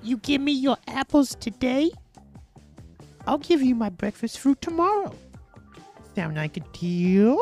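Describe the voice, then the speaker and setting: A man voicing a bullying small male halfling prisoner in a squeaky, pushy drawl during a tabletop game. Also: expressive, measured pace, pauses often, darkish tone, faint music behind, full character voice. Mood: threatening. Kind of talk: tabletop role-play voicing.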